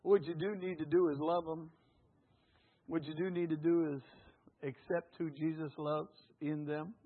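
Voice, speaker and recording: A man's voice: on the high side, flat delivery, moderate pace. A man preaching a sermon, exhorting his congregation in repeated phrases and calling on them to say words back. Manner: exhorting, repetitive. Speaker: pastor. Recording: tinny phone-like recording.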